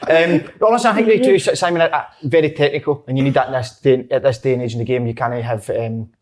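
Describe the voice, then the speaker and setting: A man's voice: medium pitch, fast, a little mellow. Emphatic Scottish man, sweary football host. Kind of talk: casual football chat.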